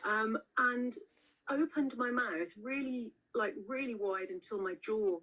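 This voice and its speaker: A woman's voice: fairly high pitch, measured pace, fairly bright tone, low-quality recording. A woman author being interviewed over a video call, telling stories in a chatty way with many restarts and fillers. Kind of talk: casual interview chat.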